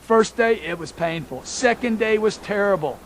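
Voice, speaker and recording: A man's voice: high-pitched, lively intonation, normal speed, slight background noise. A man giving a motivational talk, emphatic and repetitive, speaking straight to his listeners as folks.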